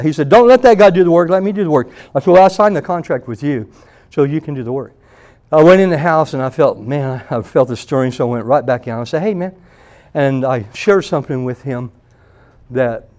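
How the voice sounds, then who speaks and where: A man preaching at a church meeting, telling a story and acting out the voices of the people in it with loud bursts. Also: mid-range voice. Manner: animated, acts out quoted voices loudly. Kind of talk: sermon with storytelling.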